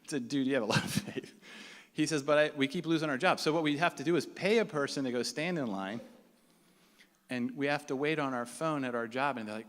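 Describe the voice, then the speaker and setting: A man's voice: mid-range voice, quick pace, a bit bright. Guy doing live storytelling, chatty, acts out the dialogue, mid voice, long hall echo. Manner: conversational, acts out quoted dialogue. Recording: reverberant hall sound.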